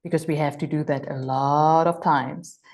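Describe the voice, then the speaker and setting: An energetic woman coaches in a live online session as a healing and money mentor, enthusiastic and exclamatory, acting out gushing voices. Her first language is German, and her voice is low-pitched at a normal speed.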